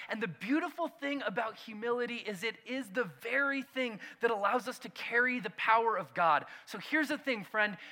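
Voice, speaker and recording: A man preaching a sermon, telling a self-mocking personal story with animated swings between loud and hushed delivery. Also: very high-pitched. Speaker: pastor.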